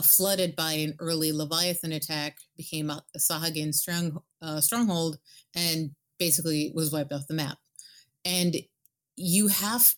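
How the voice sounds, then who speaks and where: A woman co-hosting a casual chat about a video game. She rambles, swears casually and gets animated. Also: lowish voice. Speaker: podcast co-host.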